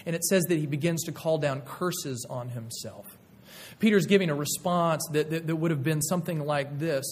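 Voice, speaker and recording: Expressive male preacher, fairly high voice. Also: moderate pace, a little hiss or hum. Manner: expressive storytelling, acts out quoted voices. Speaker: pastor. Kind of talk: sermon.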